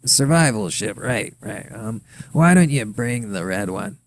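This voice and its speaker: A man's voice: mid-range voice, expressive, unhurried. A man voicing an impatient, grumpy trillionaire president who grunts and answers offhand in an audio story.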